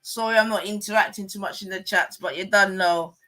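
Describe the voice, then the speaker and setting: A man's voice: sits high, fairly even intonation, brisk, sharp tone. A man hosting a live stream, commenting casually in slang with laid-back chat and muttered asides.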